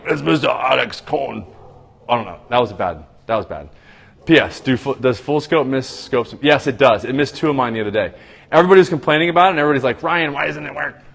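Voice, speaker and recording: A man's voice: medium pitch, long reverb tail. A man hosting a casual phone livestream, chatting loosely and reading out viewers' comments. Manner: chatty, reads viewer comments aloud and greets viewers by name. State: tired after a long day. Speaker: livestream host.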